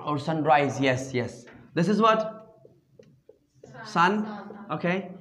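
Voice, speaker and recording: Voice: mid-range voice, expressive, takes it slowly, a bit bright. An English teacher running a classroom drill, asking questions and answering them, repeating simple phrases, and praising often with "very good" and "excellent.". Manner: patient call-and-response questioning with frequent praise.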